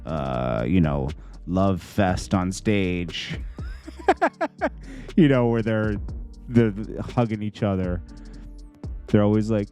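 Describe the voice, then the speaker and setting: A man casually breaking down a rap diss track, rambling with lots of fillers and pitched-up mock quotes. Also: dark tone. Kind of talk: casual reaction commentary.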